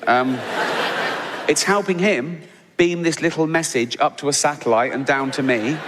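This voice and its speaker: An English man doing stand-up comedy, sardonic and mocking, breaking into high, incredulous outbursts. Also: moderate pace, heavy background noise. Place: large theatre stage. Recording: big hall reverb with audience laughter.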